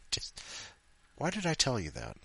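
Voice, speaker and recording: A man's voice: mid-range voice, wildly swooping pitch, measured pace, vocal fry, bright, forceful tone, breathy edge, no room sound. Rambling, jokey podcast host man. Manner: rambling, self-deprecating, jokey. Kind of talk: casual chat.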